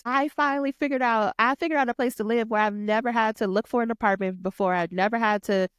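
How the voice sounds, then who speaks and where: A woman, hosting a podcast and telling a personal story in a lively, chatty way, acting out what others said. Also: mid-range voice, a little fast, hardly any pauses, clean tone, no echo, studio quality. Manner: animated, talks to listeners as y'all, acts out quotes. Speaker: podcast host. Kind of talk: storytelling monologue.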